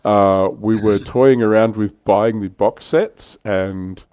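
A man's voice: on the low side, steady tone, takes it slowly, darkish tone, smooth, no room sound. Older man, dry close voice. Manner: chatty, self-deprecating, laughs often. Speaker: livestream host. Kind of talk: casual livestream chat.

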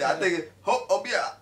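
A man's voice: medium pitch, a bit bright. A man hosting a reaction video, chatting casually in a laid-back, slangy, joking way. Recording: echoey room, mic at a distance, noise.

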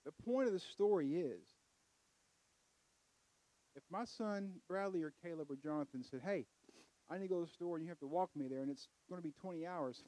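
A middle-aged man preaching a folksy sermon in church, building to loud emphatic peaks. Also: on the high side, moderate pace, pauses often, no room sound, rough recording.

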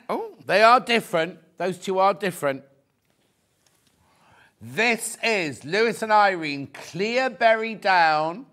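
A man's voice: sits high, expressive, slow pace, pushed and bright. A man presenting fabrics on a live shopping show, chatty and effusive, thinking aloud as he goes. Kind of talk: live product demonstration.

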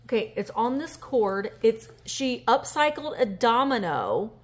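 A woman, chatting casually on a handheld phone vlog as she reads fan mail and opens a gift, emotional and gushing with breathy gasps. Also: a little high, big pitch swings, unhurried. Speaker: vintage reseller vlogger. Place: indoors at a table. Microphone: handheld phone camera.

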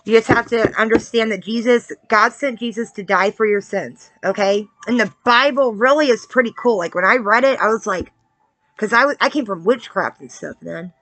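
A woman's voice: on the high side, normal speed, a bit bright, no room sound. A woman giving a spiritual card-reading message in a casual preaching way, earnest and confiding, who keeps checking in with her listeners. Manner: earnest, keeps checking in with "all right?" and "okay?"; confiding and testimonial.

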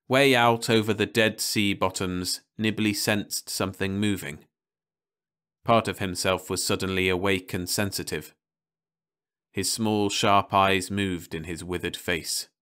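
A man narrates a science fiction story in a calm, even reading voice. His tone is low yet bright and forceful, with a smooth, resonant finish. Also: a little slow. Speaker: audiobook narrator.

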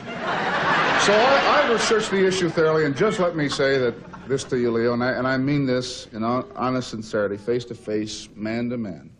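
A man giving a mock-sincere roast tribute with a deadpan, earnest delivery, on a 1970s TV broadcast with faint hiss. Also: mid-range voice, moderate pace. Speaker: roast speaker.

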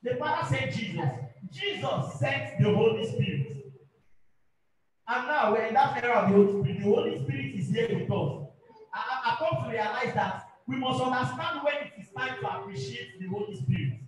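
A male pastor preaches fervently in a very high voice, repeating himself and calling for amens. He sounds far from the microphone in a big, booming, echoey hall. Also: lively intonation, moderate pace. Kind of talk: sermon.

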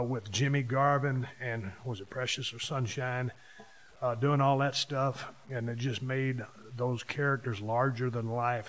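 A man, hosting a podcast and telling stories from his past in a casual monologue, hitting key words with sudden louder bursts. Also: medium pitch. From Texas. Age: 50s. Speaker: podcast host.

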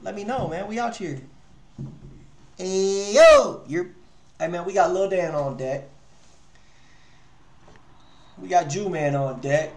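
A man's voice: high voice, a little slow, pauses often, darkish tone. A man hosting a live music review stream, talking loosely in slang and swearing freely. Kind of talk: casual livestream chat. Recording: echoey room.

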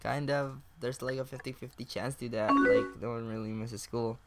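A man's voice: medium pitch, steady tone, moderate pace, over loud music. A young man casually commenting while playing a chat game, reading messages aloud, swearing and laughing often. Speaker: gaming YouTuber. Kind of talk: casual let's-play commentary.

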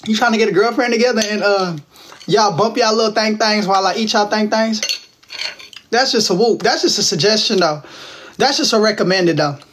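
Streaming casually from home on his phone, a Texan livestream host in his twenties teases his viewers and replies to their comments with playful slang. He speaks fairly quickly in a high voice, and there's background noise.

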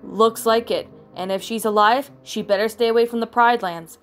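A woman voicing an older male lion king who leads calmly, reading his lines plainly in a storybook reading. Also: on the high side, moderate pace, lightly acted. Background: soft background music.

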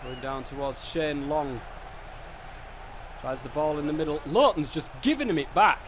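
A young English man giving live commentary over a football video game. He gets excitable and swears a lot, shouting at the game. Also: on the high side, moderate pace. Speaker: gaming YouTuber. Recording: faint background noise.

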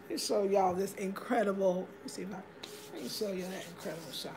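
A woman's voice: mid-range voice, fast, noisy background. A woman hosting a casual livestream from home, chatting upbeat and greeting viewers by name as she reads their comments. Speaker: livestream host.

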